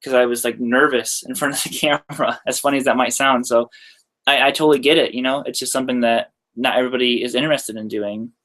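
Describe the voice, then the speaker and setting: A young man talks off the cuff to his viewers in a casual live-stream Q&A, sharing how he handles his guitars. His voice sits at an ordinary middle pitch. The talk rambles in a friendly way, full of "like" and "uh", with light laughs along the way. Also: steady tone, fast, a bit bright. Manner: laid-back, chatty, loose with frequent "like" and "uh"; laughs lightly mid-sentence. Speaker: guitarist answering viewer questions.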